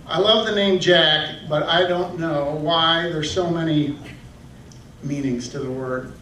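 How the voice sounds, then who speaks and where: A man from Michigan doing a self-deprecating stand-up comedy set in a comedy club, now and then jumping into high yelping voices. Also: slow pace, bright, forceful tone, slight background noise. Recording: echoey club from a distant camera.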